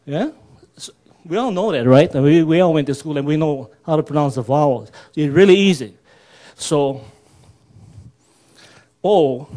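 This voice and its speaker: A man leads a seminar in a slow, unhurried cadence. His voice sits a touch high but has a soft, mellow tone. He coaxes the room along with patient repetition and frequent "yeah?" check-ins. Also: animated. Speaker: workshop presenter. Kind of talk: seminar teaching pronunciation.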